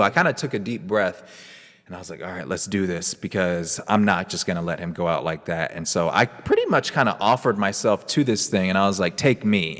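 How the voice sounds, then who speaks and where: A man's voice: on the low side, big-room sound. A man hosting a podcast, telling a personal ghost story in a rambling, laid-back way with lots of fillers. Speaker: podcast host. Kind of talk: casual storytelling.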